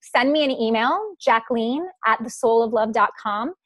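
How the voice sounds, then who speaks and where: A woman's voice: a little high, animated, normal speed, dry recording. A woman hosting a live online masterclass, talking to participants over a video call in an encouraging, affectionate way. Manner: warm, encouraging, affectionate with the audience. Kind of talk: live webinar Q&A.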